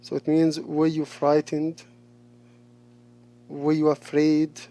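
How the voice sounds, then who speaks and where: A male English teacher talking through a lesson, slowly repeating each answer and praising the replies. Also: a little high, completely flat delivery, warm tone. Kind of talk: recorded classroom lesson.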